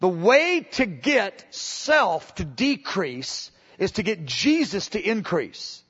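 Male preacher, high voice, impassioned teaching with restarts; muffled lo-fi sermon tape. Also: very animated, takes it slowly, a bit bright, breathy edge. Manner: impassioned, with many restarts and acted-out quotes. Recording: dull lo-fi sermon recording.

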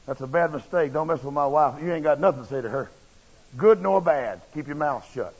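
Preacher guy, husky gravelly voice, folksy and blunt, muffled lo-fi tape. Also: a little high, a little fast, darkish tone. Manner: folksy, blunt and emphatic, with rough restarts. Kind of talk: sermon with personal storytelling. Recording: dull lo-fi recording.

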